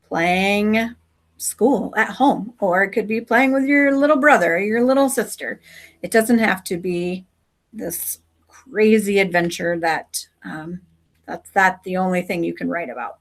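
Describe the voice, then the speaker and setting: A woman teacher reading a story aloud and teaching her class in a friendly way, asking questions and dropping into soft asides. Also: medium pitch.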